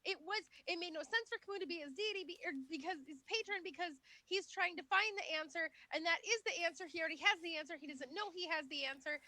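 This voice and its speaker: A woman playing a tabletop game, talking in a lively, joking way. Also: very high voice, quick pace, few pauses. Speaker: player.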